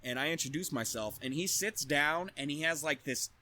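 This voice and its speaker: Young man, bright forceful voice, cursing storyteller, casual podcast chat. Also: fairly high pitch, moderate pace. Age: young adult. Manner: profane, animated anecdote telling. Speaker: podcast co-host.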